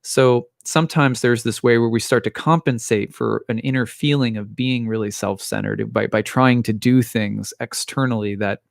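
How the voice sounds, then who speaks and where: A man's voice: mid-range voice, steady tone, moderate pace, gravelly, hardly any pauses, dry recording, clean studio sound. A man in his thirties, an astrologer, giving a thoughtful personal talk with frequent restarts and small laughs. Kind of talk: reflective personal monologue.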